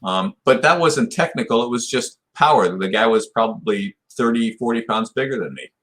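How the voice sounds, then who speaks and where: A man's voice: medium pitch, animated, moderate pace, fairly bright tone. Older man rambling through a story. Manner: rambling retelling, full of "you know" and restarts. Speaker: podcast guest, martial arts black belt. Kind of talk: storytelling in a podcast interview.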